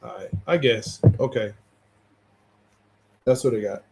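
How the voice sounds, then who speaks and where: A man's voice: mid-range voice, measured pace, creaky, background noise. A man co-hosting a casual sports debate show, blunt and teasing, laughing often as he argues his points. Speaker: co-host.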